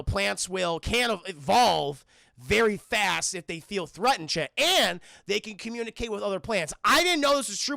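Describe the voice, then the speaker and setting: A male streamer with a high, bright voice and a gravelly edge. He rambles through a film recap, swearing often and talking to his chat with a very lively pitch. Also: dry recording, clean studio sound. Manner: profane, rambling, addresses chat constantly.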